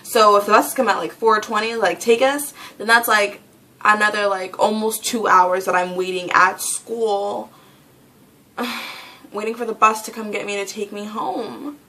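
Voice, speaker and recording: A woman's voice: mid-range voice, fairly even intonation, unhurried, bright, forceful tone. A teenage girl ranting casually in a vlog, rambling and exasperated, often laughing. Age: teens. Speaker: vlogger.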